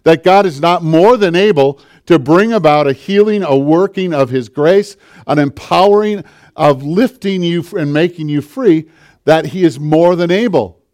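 A male pastor preaching a sermon with passion, swinging from forceful declarations to hushed, intimate asides. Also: a little high, moderate pace.

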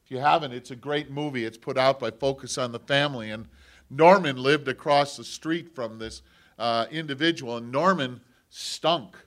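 A man preaching a sermon, moving between loud, impassioned lines and hushed, near-whispered quotes of God speaking. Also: medium pitch, moderate pace. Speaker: pastor.

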